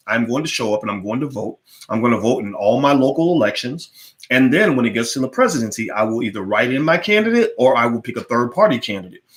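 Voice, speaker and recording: A man's voice: medium pitch, a bit bright. A man delivering an emphatic, preachy monologue to his listeners, often repeating words as he pushes his point. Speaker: political commentator. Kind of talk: opinionated monologue.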